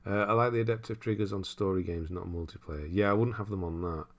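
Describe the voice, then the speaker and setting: Low-voiced man chatting on a livestream. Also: quick pace. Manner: rambling, chuckles often, thinks aloud. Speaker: livestream host reading viewer comments. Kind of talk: casual live-stream chat.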